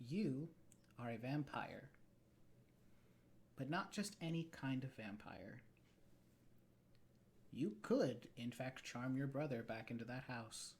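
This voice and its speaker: A game master narrating a tabletop role-playing game slowly, with dramatic pauses. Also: medium pitch, expressive, background noise.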